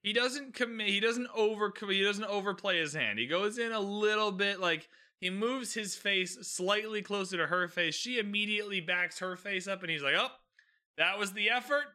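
A man's voice: high voice, normal speed, few pauses, sharp tone. A man giving a casual, sarcastic recap of a TV episode, chatty and often acting out the characters' lines. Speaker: show recapper.

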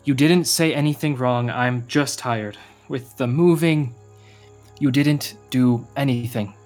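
A young actor playing a tired, gentle uncle in a radio drama, patient but quick to flare. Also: male voice, medium pitch, faint music behind, lightly acted. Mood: apologetic. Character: uncle Gio, weary, tender, short-tempered.

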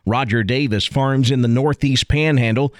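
A man's voice: mid-range voice, normal speed, no room sound, studio quality. A man hosting a radio farm news show, delivering the script in a folksy, enthusiastic way.

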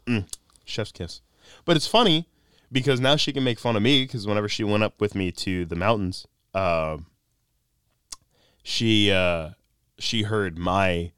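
Young guy from the nc mountains hosting a podcast, low smooth voice, dry close mic, joking around. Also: fairly bright tone, dry recording. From North Carolina mountains. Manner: playful, joking, storytelling with quoted voices. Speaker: podcast host. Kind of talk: casual podcast chat. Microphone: podcast studio mic.

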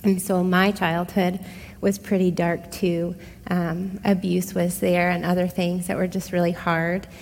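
A middle-aged woman telling a personal testimony in a casual, expressive way, speaking straight to her listeners. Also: on the low side, measured pace, creaky. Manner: conversational, expressive, addresses listeners directly. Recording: long hall reverb.

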